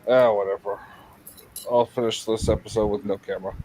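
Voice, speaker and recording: A man's voice: lowish voice, steady tone, fairly quick, a little mellow, rough recording. A man hosting a casual livestream chat on a video call, rambling through a story with restarts and jokey asides. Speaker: show host.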